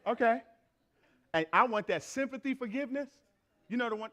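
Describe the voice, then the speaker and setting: A man's voice: extremely high pitch, animated, fairly quick, pauses often, pushed and bright. A man in his thirties preaching a sermon, blunt and playful, talking straight to the congregation.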